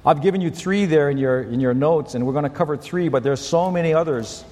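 A man's voice: on the high side, a little fast, big-room sound. A man preaching a sermon to a congregation, telling a story and acting out the quoted lines. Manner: storytelling, acts out quotes and shouts. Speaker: pastor.

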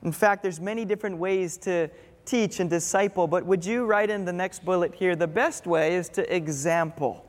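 A man with a high voice preaches a sermon to his congregation. He is earnest, with playful comic asides. His voice rings out through the long reverb of a large church hall. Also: moderate pace. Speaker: pastor.

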